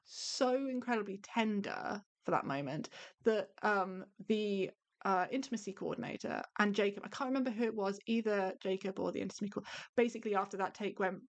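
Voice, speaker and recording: A woman's voice: mid-range voice, fairly quick. A woman co-hosting a podcast in casual chat, recapping scenes with eager detail and many fillers. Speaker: podcast co-host.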